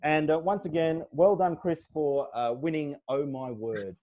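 Upbeat guy running a quick word game on a livestream, keeps cracking up. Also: a little high, highs cut off. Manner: energetic, laughing, counting down aloud. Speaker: livestream host. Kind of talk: hosting a live word game.

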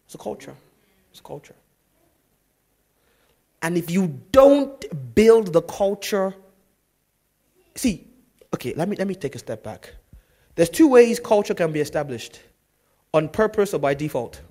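A man preaching a sermon as pastor, telling stories in a lively way that swings from loud to hushed. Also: high-pitched, unhurried, pauses often.

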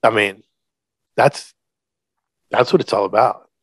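A man's voice: lowish voice, slow pace, fairly bright tone, no room sound. A middle-aged man, a podcast guest, telling a personal story in a candid, earnest way, emphatic and casually swearing.

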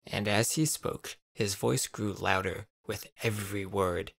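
A man narrating a scripted story in an even, measured read. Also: low voice, gravelly, dry recording.

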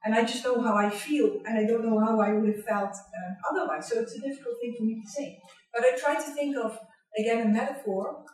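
A middle-aged woman with a Dutch accent, giving a candid, personal university lecture in a large hall, often pausing on "um" and checking in with "right?". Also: a little high, steady tone, darkish tone. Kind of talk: public lecture. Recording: echoey hall, distant mic.

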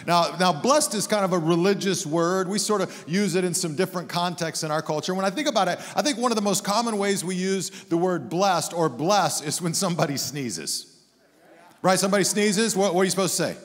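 A middle-aged man preaching in a church sanctuary, his voice sitting a little higher than most men's. He tells stories with lively, joking energy. The sound rings out with a long hall reverb behind every phrase. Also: fairly quick. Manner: animated, humorous storytelling. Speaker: guest pastor. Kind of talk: sermon.

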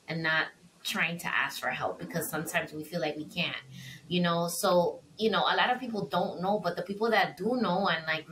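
A woman's voice: medium pitch, fairly bright tone. A woman hosting a podcast interview, chatty and empathetic, affirming her guest and sharing her own experience over a remote recording setup. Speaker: podcast host. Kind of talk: conversational interview. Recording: distant mic with faint background noise.

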